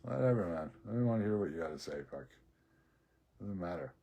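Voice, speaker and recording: Low husky man ranting profanely. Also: expressive, fairly quick, warm tone, highs cut off. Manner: profane, rambling, laughs often. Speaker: social media ranter. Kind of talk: rambling personal rant.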